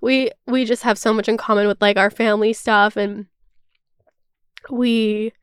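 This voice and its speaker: A woman's voice: mid-range voice, steady tone, a little slow, smooth, no echo, studio quality. A woman in her twenties hosting a podcast, chatting candidly and emotionally, rambling with constant "like" fillers and casual swearing. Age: 20s. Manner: rambling, fills with "like", swears freely. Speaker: podcast host. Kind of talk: casual chat.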